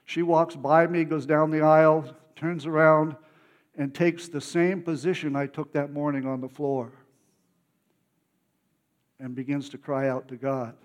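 A man preaching, telling a story of his own testimony in an emotional, animated way with many restarts. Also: a little high, unhurried.

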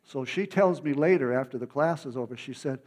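A man preaching, telling a story of his own testimony in an emotional, animated way with many restarts. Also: medium pitch, a little fast.

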